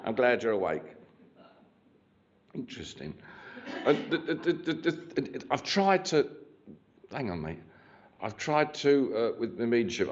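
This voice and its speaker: A man giving a live mediumship demonstration in a church, chatty and joking with the congregation. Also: mid-range voice. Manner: chatty, joking, cheeky, restarts often. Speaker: spiritualist medium. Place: church hall. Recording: dull lo-fi sound.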